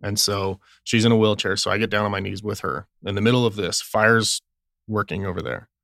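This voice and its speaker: A young adult man with a low, gravelly voice, speaking as a police officer guest on an interview. He tells work stories earnestly and acts out the dialogue. The sound is close and dry. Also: fairly even intonation, a little fast, fairly bright tone, no echo. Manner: earnest, retells scenes with quoted dialogue. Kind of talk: conversational interview storytelling.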